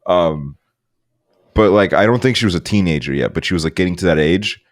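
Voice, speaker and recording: A man's voice: deep voice, fairly quick. A young man co-hosting a podcast, rambling through childhood stories with plenty of swearing. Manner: rambling, swears often, mimics voices in stories. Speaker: podcast co-host. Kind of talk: casual chat.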